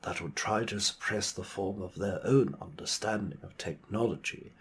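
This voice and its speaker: A man channeling a grandiose male alien entity in a put-on foppish British accent, lecturing slowly and earnestly. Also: on the low side, close to an everyday voice. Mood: solemn. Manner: slow, earnest, New Age lecturing. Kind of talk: played channeling video.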